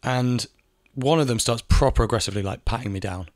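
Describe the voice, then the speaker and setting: A man's voice: medium pitch, brisk, no room sound, clean studio sound. A man talking in a casual monologue, ranting, repeating phrases and swearing now and then. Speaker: video essayist. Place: home in Spain.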